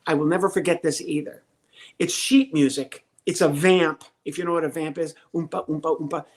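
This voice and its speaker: A man in his sixties, a comedian guest telling a lively story and acting out the voices of the people in it. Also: on the high side, normal speed. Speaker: podcast guest, comedian and ventriloquist. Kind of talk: storytelling interview.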